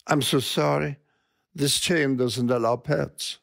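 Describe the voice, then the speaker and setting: An older man voicing a soft-hearted elderly female motel clerk in his story, gently apologetic. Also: medium pitch, steady tone, takes it slowly, gravelly, no echo, clean studio sound.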